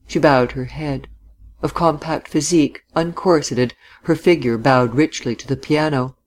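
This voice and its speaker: Give me a man narrating an audiobook in a measured, even reading voice. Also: on the high side. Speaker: audiobook reader. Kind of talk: scripted narration of a novel.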